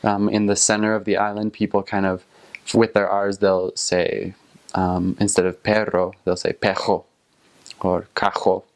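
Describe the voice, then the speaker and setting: A man's voice: on the low side, completely flat delivery, moderate pace. A young man in his twenties, a returned missionary, giving casual, plain-spoken advice and recollections.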